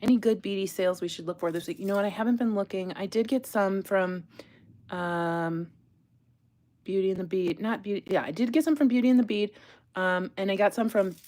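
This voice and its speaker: A woman's voice: mid-range voice, moderate pace, darkish tone. A woman hosting a live jewelry-making stream, chatting casually and rambling to her viewers as she works. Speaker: jewelry-making livestream host. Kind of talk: casual live crafting chat.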